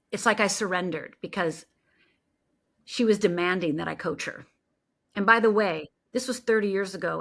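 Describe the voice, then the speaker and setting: Bright animated woman telling a story. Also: medium pitch. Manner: animated storyteller, acts out quoted voices. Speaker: guest life coach. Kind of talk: storytelling in an interview.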